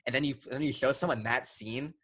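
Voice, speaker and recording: A man's voice: mid-range voice, fairly quick, fairly bright tone, slightly rough. A man co-hosting a casual film podcast who jokes, laughs often and restarts his sentences. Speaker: podcast co-host.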